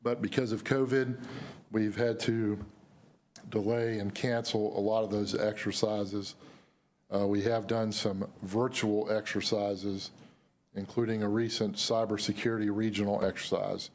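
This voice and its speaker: A hoarse man with a somewhat low voice speaks as an emergency manager at a public news conference. His delivery is measured and official, with many pauses and fillers between phrases. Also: little pitch movement, darkish tone. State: losing his voice. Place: city news conference room.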